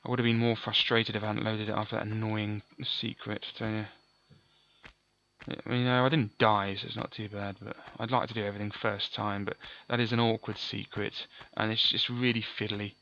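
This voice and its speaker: A man's voice: fairly low pitch, level tone, brisk, bright, forceful tone, muffled recording. A man giving chatty, offhand let's play commentary, often correcting himself. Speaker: gaming commentator.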